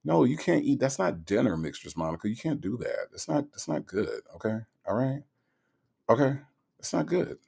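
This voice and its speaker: A man's voice: mid-range voice, sing-song, normal speed, gravelly, warm tone, breathy edge. A man hosting a livestream in casual chat, reading out viewer comments and teasing them playfully. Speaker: livestream host.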